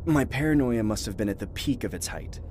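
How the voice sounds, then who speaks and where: A young man narrates a horror story with tense, dramatic delivery. His pitch rises and falls a lot, and steady noise sits under the recording. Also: fairly quick. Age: young adult.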